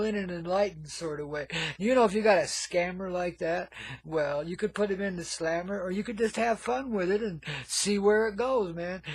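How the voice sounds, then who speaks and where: A man hosts a radio show in a loose, rambling hippie patter, chuckling and tossing in "man" between thoughts. His voice sits high and comes out husky. The sound is dry and close. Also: no echo. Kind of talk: rambling comic radio monologue.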